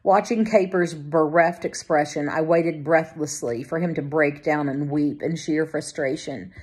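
A woman narrating a novel as an audiobook in a measured, vivid storytelling manner. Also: low-pitched, darkish tone, husky. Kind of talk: scripted narration.

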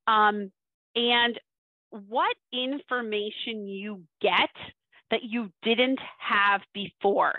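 A woman's voice: medium pitch, no echo. A woman giving a webinar talk as a social skills coach, teaching in a conversational way and often checking in with "right?". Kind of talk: webinar presentation. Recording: dry, phone-like audio.

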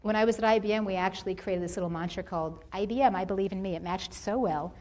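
A woman's voice: medium pitch, quick pace, a little mellow. Woman doing a motivational talk at a college, storytelling, does little voices for the people she quotes. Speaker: guest speaker.

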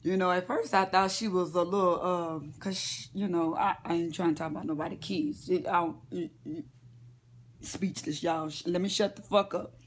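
A woman's voice: fairly low pitch, steady tone, moderate pace, a little hiss or hum. A woman vlogger lying in bed at home, gossiping about celebrities in a chatty, profane way and talking straight to her viewers. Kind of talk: casual celebrity gossip rant.

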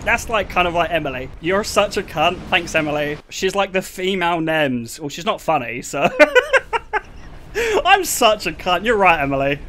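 A young man streaming live, chatting casually and excitably with his viewers and laughing often. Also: a little high, normal speed, slight background noise. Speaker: livestreamer.

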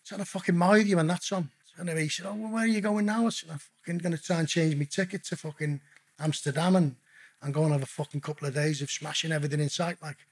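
A middle-aged man with a husky, fairly high voice tells stories as a podcast guest. He is blunt and casual, swears in nearly every sentence, and keeps calling the host "mate.". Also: fairly even intonation, fast. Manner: blunt, swears constantly, calls the listener mate. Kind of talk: casual storytelling interview.

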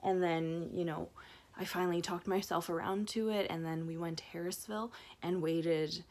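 A woman's voice: lowish voice, fairly even intonation, moderate pace, a little mellow. A woman knitting vlogger in a casual, rambling recap full of fillers and restarts.

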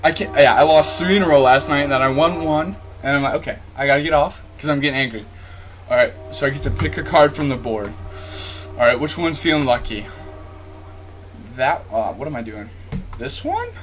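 A man's voice: medium pitch, very animated, moderate pace, fairly bright tone, slight background noise. A man giving casual commentary on a basketball video game as he plays, talking straight to his viewers, jumping between yelps and nervous muttering. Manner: talks straight to viewers, asks for likes. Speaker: YouTube gamer.

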